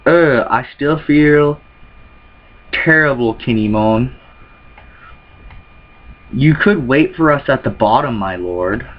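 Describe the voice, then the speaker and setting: A man reacting to a manga chapter, reading its dialogue aloud and switching into quick character voices between his own comments. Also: medium pitch, lively intonation, lo-fi sound. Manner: reads character lines in quick put-on voices between plain remarks.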